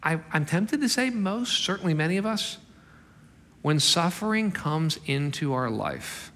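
A male pastor preaches with a bright, forceful voice pitched a little high. He talks in an animated, emphatic way and acts out the people he quotes. His voice rings through a hall with a long reverb. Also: a little slow, slight background noise. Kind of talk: sermon.

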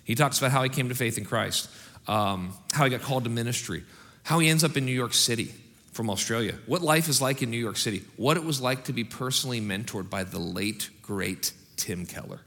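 Animated male pastor in a big hall. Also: mid-range voice, fairly quick. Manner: animated, swings from loud rallying to quiet asides. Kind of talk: sermon and church announcements. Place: large church auditorium. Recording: hall reverb in a large auditorium.

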